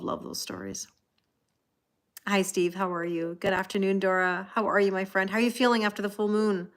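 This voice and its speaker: A woman's voice: on the low side, a bit bright. Chatty woman doing a live tarot reading. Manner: chatty, greets viewers by name, laughs often. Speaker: tarot reader. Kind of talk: casual live-stream card reading.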